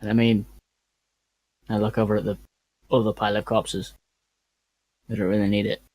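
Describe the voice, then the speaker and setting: A man's voice: lowish voice, level tone, moderate pace, a little mellow, dry recording, poor audio. A man playing a tabletop game, speaking bluntly and jokingly, partly in character. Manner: gruff, blunt, jokey. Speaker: player.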